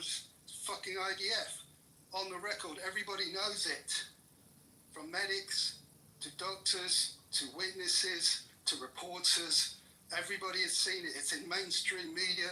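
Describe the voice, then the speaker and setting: A man's voice: a little high, pushed and bright. A man in a heated political debate, furious and swearing constantly as he hurls insults, heard in a room with others. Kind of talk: angry profane rant. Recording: roomy echo, distant mic.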